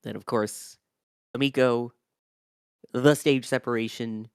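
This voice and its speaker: A man's voice: fairly low pitch, level tone, normal speed, creaky, smooth, no room sound, clean studio sound. A man hosting a live rocket launch stream, chatting casually, reading out viewer messages and thanking the crew.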